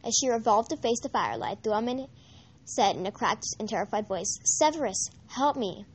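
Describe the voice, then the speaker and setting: A woman narrating a novel aloud in an amateur reading, measured, with occasional slips and restarts. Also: medium pitch, lively intonation, slight background noise. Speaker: audiobook reader.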